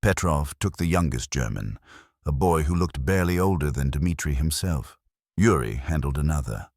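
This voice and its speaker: A man narrating a scripted story in a slow, solemn, measured way. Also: extremely low pitch, animated, a little mellow, no room sound, studio quality.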